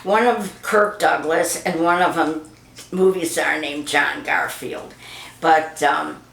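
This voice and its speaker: A woman's voice: low-pitched, fairly even intonation, takes it slowly, creaky, a bit bright. An older woman being interviewed, chatting about old memories and acting out the voices in her stories. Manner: chatty, acts out quoted voices. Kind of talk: reminiscing storytelling. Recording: roomy echo.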